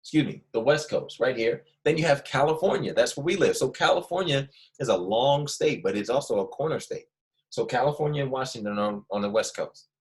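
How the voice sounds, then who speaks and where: A man's voice: mid-range voice, expressive, brisk. A young man teaches first graders with a slight Philadelphia accent. He speaks patiently and repeats the key words so small children can follow along. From Philadelphia family. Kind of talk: online classroom lesson.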